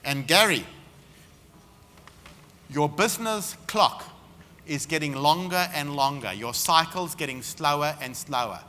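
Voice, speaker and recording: A man's voice: on the high side, expressive, unhurried, pauses often, pushed and bright. A man giving a business seminar talk, emphatic and punchy as he tells stories to the room. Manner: emphatic, punchy storytelling delivery. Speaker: seminar speaker. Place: expo seminar hall. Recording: reverberant hall.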